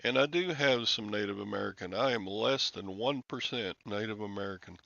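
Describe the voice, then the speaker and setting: A man's voice: fairly low pitch, brisk, gravelly, pushed and bright, no room sound. An older man, hosting a rambling, casual livestream chat with viewers and often chuckling and sighing. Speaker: livestream host. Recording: dull lo-fi, dry sound.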